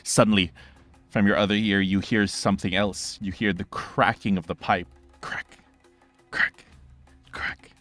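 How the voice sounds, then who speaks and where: A young man running a tabletop game as game master, narrating in an animated, fast way with sound effects and quick restarts. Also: on the low side, soft background music.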